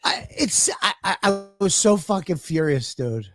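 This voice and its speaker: A podcast co-host tells an exasperated, profane story, acting out both sides of the conversation. His voice sits high and is animated, at normal speed, with soft background music underneath.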